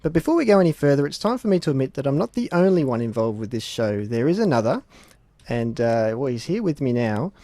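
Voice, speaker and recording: A man's voice: medium pitch, big pitch swings, fast, dark tone, dry recording. An Australian man co-hosting a community radio show, upbeat and jokey with mock-formal announcing. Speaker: radio co-host. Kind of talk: playful community radio chat.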